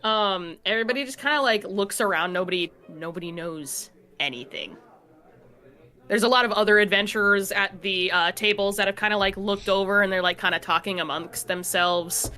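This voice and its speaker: A woman's voice: mid-range voice, moderate pace, pushed and bright. A woman game master narrating a tabletop game casually, with many fillers. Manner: casual, filler-heavy storytelling.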